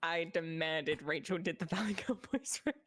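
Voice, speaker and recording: A woman's voice: sits low, normal speed, fairly bright tone. Rambling, laughing woman co-streamer. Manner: rambling, lots of "like", laughs often. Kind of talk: casual game stream chat.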